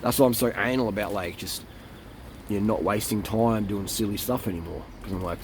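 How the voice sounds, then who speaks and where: A man's voice: fairly low pitch, brisk, slight background noise. A man who talks in a blunt, profane and rambling way to camera as a cycling coach and vlogger, and often drops into mocking impressions of other people. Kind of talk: casual monologue to camera.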